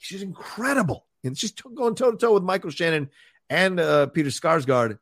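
A man's voice: high voice, lively intonation, moderate pace, gravelly, fairly bright tone, no room sound, studio quality. A man co-hosting a live film podcast, chatting casually in a rambling way and reading viewer comments aloud. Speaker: podcast co-host.

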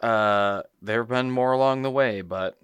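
Smooth, bright man making wry podcast asides. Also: medium pitch, unhurried, no echo. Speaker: podcast co-host. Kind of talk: casual chat.

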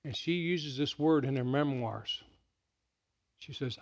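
A middle-aged man preaching a sermon, telling stories with big swings from loud excitement to hushed quiet. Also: mid-range voice, slow, dull audio. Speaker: pastor.

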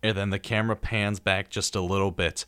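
A man's voice: low voice, a little fast, clear, resonant tone, no echo. A young man hosting a radio talk show, casually retelling horror movie scenes with many ums and acted-out lines. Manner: relaxed storyteller, acting out scenes with many ums. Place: radio studio.

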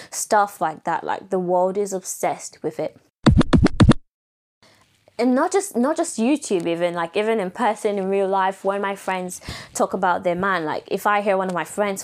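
Young female podcast host with an American-leaning accent, chatty, laughs easily, middle-pitched voice. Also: a little mellow. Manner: chatty, laughs often, acts out quoted people in higher voices. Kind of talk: casual solo podcast chat.

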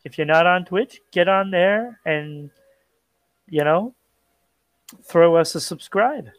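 A man co-hosting a relaxed pop culture podcast, talking in a loose, joking way. His delivery is unhurried and measured. The sound is close and dry, with no room echo. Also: high-pitched. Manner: chatty, plugs channels, jokes around. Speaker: podcast co-host. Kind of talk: casual chat.

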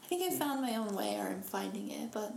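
A woman speaking in a casual, reflective chat, thoughtful and measured, trailing off softly. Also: medium pitch, sing-song, vocal fry. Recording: echoey room with faint noise.

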